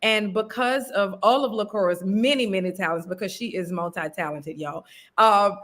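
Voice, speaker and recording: A woman's voice: mid-range voice, normal speed, fairly bright tone. A woman, a writer and actor, chatting casually as an interview guest with frequent ums. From New Orleans.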